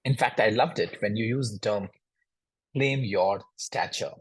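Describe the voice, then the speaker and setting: A man's voice: mid-range voice, rough recording. A man hosting a podcast, asking earnest, thoughtful questions in a conversational interview. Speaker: podcast host.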